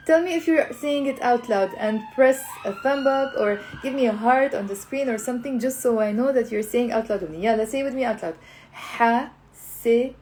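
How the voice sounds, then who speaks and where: A woman teaching a live online language lesson, upbeat and coaxing, repeating words slowly for her learners. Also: on the high side, darkish tone, slight background noise, low-quality recording.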